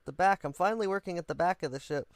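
Gravelly-voiced goofy game vlogger, man. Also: high-pitched, fast, dry recording. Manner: chatty and goofy, rambling asides. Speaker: game building vlogger, host. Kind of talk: casual gameplay commentary.

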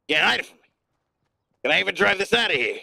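A male streamer giving live gameplay commentary in a put-on gruff newsman voice, profane and playful. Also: high-pitched, very animated, fast, bright, forceful tone, no room sound, clean studio sound.

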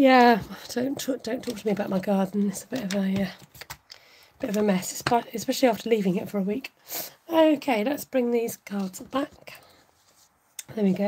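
A woman hosting a casual livestream craft tutorial, chatting warmly with viewers and laughing often. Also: medium pitch, slight background noise, rough recording. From United Kingdom. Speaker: craft channel host.

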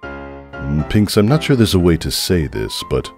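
A man plays a weary stallion father in a fan audio drama, all dry understatement. His voice is low and moves lively up and down. Faint music sits behind it. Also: unhurried, creaky, exaggerated voice. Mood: deadpan. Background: faint background music.

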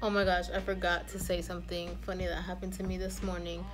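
A woman's voice: on the low side, little pitch movement, fast talker, over music. A woman in her twenties chatting casually to camera in a vlog, rambling with fillers and laughing easily. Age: 20s. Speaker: vlogger.

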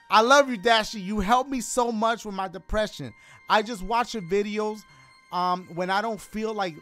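A man with a high, bright, sharp voice chats loosely on a game livestream. He reads donations aloud, slips into slang and throws in playful jokes, with faint music playing behind him. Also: normal speed. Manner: loose slangy banter with joking asides. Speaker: gaming streamer. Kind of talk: casual livestream chat reading donations.

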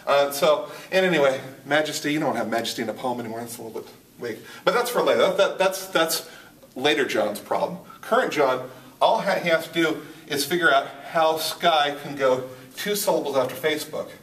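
A man's voice: a little high, fairly bright tone. Guy teaching poetry at a whiteboard, lots of ums and restarts, roomy sound, mic kinda far off. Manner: halting, thinks aloud with many restarts and fillers. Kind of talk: whiteboard lesson. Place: room with a board. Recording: roomy, from a distance.

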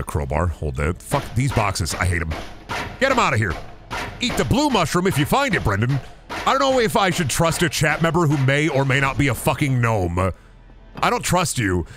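A man streaming a game live, swearing a lot and talking straight to his chat in an excitable, rambling way. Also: mid-range voice, normal speed, soft background music. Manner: profane, excitable, talks to chat. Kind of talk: casual live-stream commentary.

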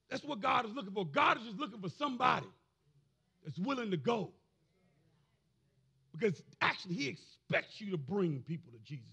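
A man preaching a sermon as pastor, building to shouted emphasis and calling out to the congregation. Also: high voice, big pitch swings, normal speed, gravelly, husky. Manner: preaching with rising, shouted emphasis and audience call-and-response.

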